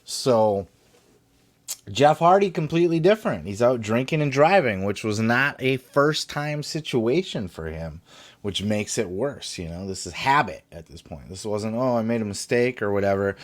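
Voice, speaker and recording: A man's voice: lowish voice, expressive, moderate pace. Male podcast host: blunt, profane, rambling commentary in a casual tone. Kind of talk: casual wrestling news commentary.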